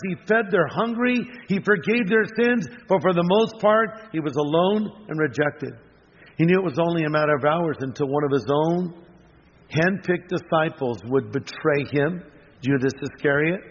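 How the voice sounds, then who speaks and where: An older man delivers an earnest sermon, breaking into casual asides now and then. His voice sits fairly high. The sound is dull and lo-fi, with a long reverb trailing off the walls of a big hall. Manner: earnest preaching with conversational asides. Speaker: pastor.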